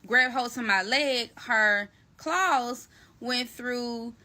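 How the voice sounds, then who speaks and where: A woman telling a personal story to her viewers in a casual, animated, slangy way, calling them y'all and baby. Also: on the high side, drawn-out words. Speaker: storyteller recounting a personal event.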